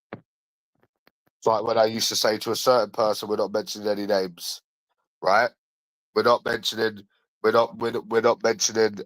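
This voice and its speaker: A man's voice: fairly low pitch, a bit bright, dry recording, low-quality recording. A man with a London accent ranting in a repetitive, sweary, sarcastic monologue. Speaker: vlogger.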